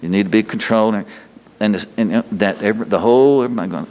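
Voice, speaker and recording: A man's voice: on the low side, fast talker, darkish tone, a little hiss or hum. A middle-aged man preaching a sermon in a folksy way, asking his listeners question after question and chuckling often. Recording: long hall reverb.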